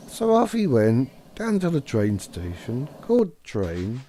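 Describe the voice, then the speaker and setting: Slow, lively male storyteller. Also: medium pitch, slight background noise. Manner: meandering, repetitive. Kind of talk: improvised comic storytelling.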